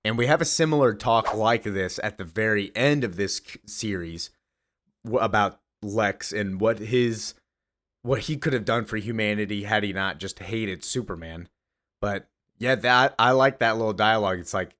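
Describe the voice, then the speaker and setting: Brief: young male host, lower voice, relaxed chatty recap delivery. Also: moderate pace. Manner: chatty, laughing, loose. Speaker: comic video host. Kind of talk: casual comic recap.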